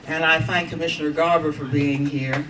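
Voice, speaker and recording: A woman's voice: deep voice, fairly even intonation. Woman speaking from afar in a noisy room. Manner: formal, halting delivery with frequent pauses and fillers. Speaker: congresswoman hosting a community meeting. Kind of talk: public meeting opening remarks. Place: community meeting room. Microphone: handheld microphone. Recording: distant mic, noisy meeting room.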